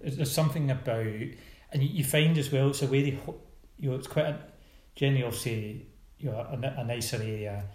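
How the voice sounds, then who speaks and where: A man's voice: medium pitch, a little fast, a little mellow. Rambling Scottish man in an echoey room. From Scotland. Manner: rambling, teasing, restarts often. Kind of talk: casual chat.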